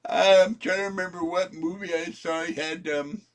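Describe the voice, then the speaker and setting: A man giving a rambling home vlog monologue, ranting and often laughing. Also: high voice. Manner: ranting, frequently breaking into laughter. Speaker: vlogger. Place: at home indoors.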